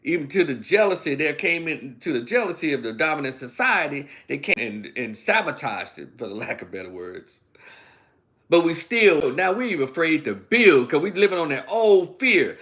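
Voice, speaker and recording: A man's voice: on the high side, very animated, normal speed, bright, forceful tone. A man hosting a livestream commentary monologue, preaching emphatically and firing off rhetorical questions. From Memphis, USA. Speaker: online political commentator.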